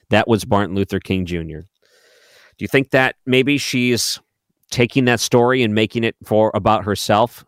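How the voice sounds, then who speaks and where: A man's voice: fairly low pitch, clean tone, no echo, clean studio sound. A man hosting a political commentary show, sarcastic and mocking as he plays clips. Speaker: commentary host.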